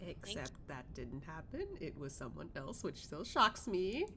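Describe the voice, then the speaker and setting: Animated, bright-voiced woman streamer. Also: low voice, a little slow, slight background noise. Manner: giggly, animated reactions. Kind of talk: casual game stream chat.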